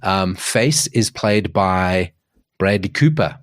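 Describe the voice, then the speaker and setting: Speaking slowly in a deep voice, a South African man co-hosts a laid-back chat show. He rambles through animated stories, often restarting and going off on tangents.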